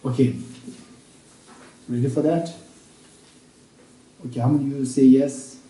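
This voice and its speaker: Man teaching a meditation retreat, super dark mellow voice, echoey room, kinda far from the mic, says everything twice. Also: mid-range voice, fairly even intonation. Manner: repeats each point slowly, as if dictating; halting restarts, checks in with listeners. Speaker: Buddhist teacher.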